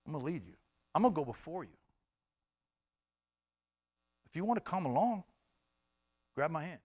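A man voicing a calm, reassuring divine guide, speaking softly and slowly. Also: fairly high pitch. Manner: soft, slow, reassuring.

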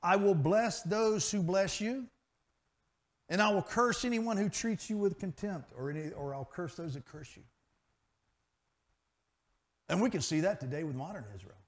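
A man preaching a sermon, swinging between loud emphatic peaks and quiet asides. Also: high voice, normal speed, long pauses. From grew up in a pastor's family.

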